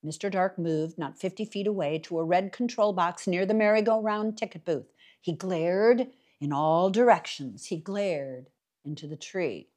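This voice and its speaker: A woman reading a novel aloud for a library reading series, with expressive, dramatic storytelling. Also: on the low side, a little slow. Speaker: library reader.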